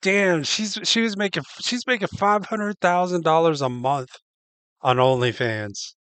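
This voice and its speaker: A man hosts and reacts in blunt, profane, mocking asides. His voice sits a bit high for a man and is smooth and clean. The recording is dry and close. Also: measured pace, fairly bright tone, no room sound. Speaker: host reacting. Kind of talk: casual reaction commentary.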